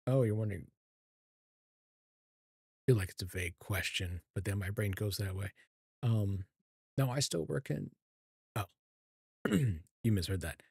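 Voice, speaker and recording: A man in his thirties chatting calmly while streaming a game, soft-spoken and hesitant, with many ums and restarts. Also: deep voice, moderate pace, creaky, long pauses, breathy edge, no echo, clean studio sound. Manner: calm, soft-spoken and even. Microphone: streaming mic with equalizer.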